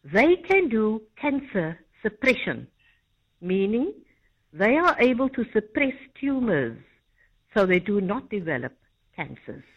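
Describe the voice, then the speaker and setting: A woman's voice: mid-range voice, very animated, a little slow, slightly rough. A woman calling in to a radio show, chatty as she quizzes the host. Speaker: caller. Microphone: phone line. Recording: dull phone line.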